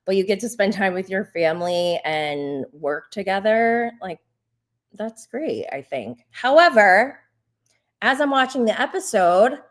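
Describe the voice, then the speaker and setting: A woman casually recapping a reality TV episode, chatty and sarcastic, often laughing, swearing freely and mocking people in a squeaky quoted voice. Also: expressive, unhurried. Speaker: host.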